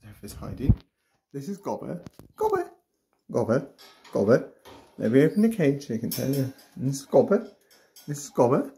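A woman giving a casual tour of her pet ferrets, jumping into a high sing-song voice to greet them. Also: sing-song, a little fast, warm tone, a little hiss or hum. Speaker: pet vlogger.

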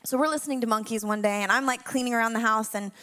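Higher-voiced young woman, laughing, candid. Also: fairly even intonation. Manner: chatty and candid, laughing often; hushed and slow in prayer. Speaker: worship leader speaking to a congregation. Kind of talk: spoken prayer and personal story.

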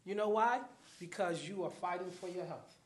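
A man giving a lively talk at a community event, often putting questions to the audience. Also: high-pitched, normal speed. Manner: animated, addresses the crowd with questions. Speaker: guest speaker, program manager. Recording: echoey hall.

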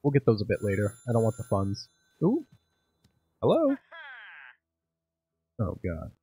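A man's voice: on the low side, wildly swooping pitch, measured pace, warm tone, slightly rough, no echo, low-quality recording. A man casually commenting while playing a game, thinking aloud and joking about himself. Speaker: gaming channel host. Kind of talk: let's play commentary.

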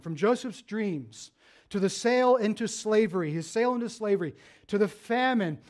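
A man preaching a sermon as pastor, earnest, dropping low and soft then rising with emphasis.

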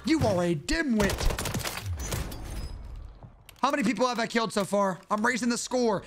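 A young man with a high-pitched voice runs a live gaming stream, hurling brash, profane taunts at his opponents. Gunfire and game noise sit clearly under his voice. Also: expressive, normal speed, pauses often, a bit bright. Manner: brash, profane trash-talking. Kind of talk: casual live-stream commentary while gaming.

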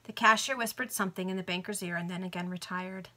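A woman's voice: lowish voice, steady tone, quick pace, bright, forceful tone. A woman reading a novel aloud among friends over a video call, with chatty asides. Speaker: reader.

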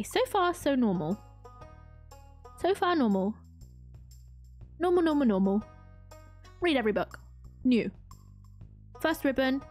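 Girl streaming a game, high voice, gushy and repeats herself a lot. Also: darkish tone. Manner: gushing, self-mocking, repeats herself. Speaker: streamer playing a farming game. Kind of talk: excitable live-stream commentary.

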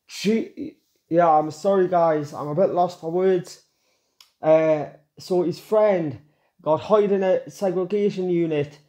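A man's voice: high-pitched, fairly even intonation, measured pace, mellow. Earnest man reacting over music. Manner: earnest, emotional, explains lyrics to viewers. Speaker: reaction video host. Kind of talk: casual reaction commentary.

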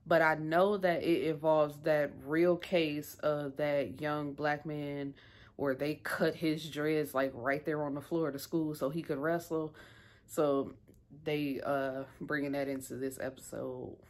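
Woman, low voice, casual TV recap, chatty, rambling, lots of fillers. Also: level tone, measured pace. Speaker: TV episode reviewer.

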